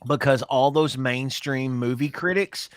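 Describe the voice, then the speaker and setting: A man's voice: medium pitch, a little slow, smooth, no room sound, studio quality. A man co-hosting a casual podcast chat, ranting bluntly and swearing often. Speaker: podcast co-host.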